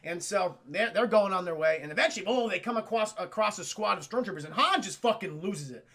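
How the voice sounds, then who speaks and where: A man casually recapping a movie for a live chat, animated, joking and swearing freely. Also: sits high, a little fast. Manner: animated, profane, jokey. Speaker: streamer.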